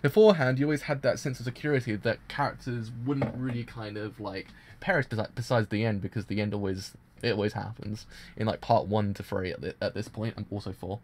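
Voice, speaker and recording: A man streaming a live anime reaction, gushing and excitable, with many restarts and fillers. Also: lowish voice, fairly quick, a little hiss or hum. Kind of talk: casual live reaction commentary.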